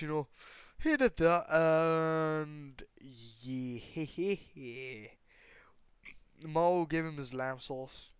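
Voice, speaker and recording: A man's voice: a little high, clear, resonant tone, no echo. A young man improvising a fan story, rambling with constant fillers, restarts and casual swearing.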